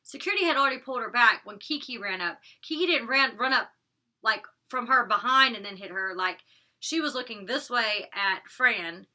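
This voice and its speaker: A woman's voice: on the high side, sharp tone. A woman giving a blunt, opinionated recap of a reality TV episode, swearing freely and talking casually. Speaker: reality TV reviewer.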